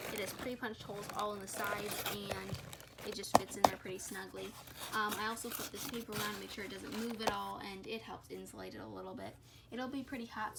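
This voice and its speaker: A woman's voice: medium pitch, heavy background noise. A woman giving a casual how-to at home, rambling with frequent "um"s and self-corrections, filming on a phone camera. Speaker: reptile keeper vlogger. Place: her home, indoors.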